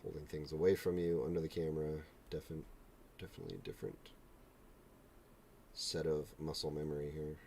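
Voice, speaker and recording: Very deep-voiced man chatting casually. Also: brisk, vocal fry, pauses often, warm tone, slight background noise. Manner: rambling, joking, self-deprecating asides. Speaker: live stream host. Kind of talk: casual chat while painting miniatures. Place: home hobby room with a printer and air purifier.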